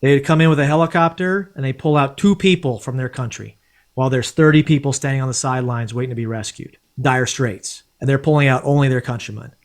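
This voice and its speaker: Blunt former soldier telling war stories. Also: male voice, mid-range voice, fairly quick. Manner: blunt, profane, animated. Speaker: podcast guest, former Green Beret. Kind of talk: casual storytelling.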